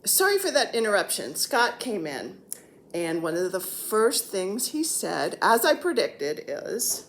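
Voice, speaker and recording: A woman's voice: medium pitch, big pitch swings, measured pace. A woman in her sixties chats at home about her stitching projects. She talks in a rambling, jokey way, and her voice swings freely up and down. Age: 60s. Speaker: cross-stitch vlogger. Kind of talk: casual chat. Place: at home, seated on the floor.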